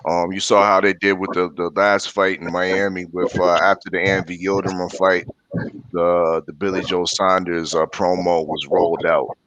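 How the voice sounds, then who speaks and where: A man on a boxing talk panel, measured and hesitant. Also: low-pitched, level tone, a bit bright, lo-fi sound. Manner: measured, hesitant, many fillers.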